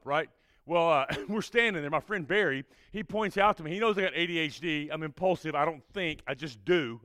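A man, a preacher telling a youth group a story in an energetic way and checking in with "all right?" after almost every line. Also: sits high, no echo.

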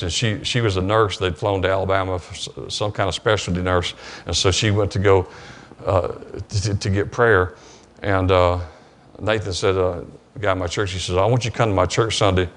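A man's voice: sits low, steady tone, fairly bright tone. A man with a Southern US accent preaching a sermon in church, telling a story with many restarts and repeated words. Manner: halting, repeats words, retells dialogue. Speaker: pastor. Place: church sanctuary.

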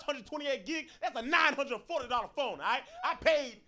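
A man's voice: extremely high pitch, brisk. A young man doing a stand-up comedy set, telling self-mocking stories with lots of asides to the crowd.

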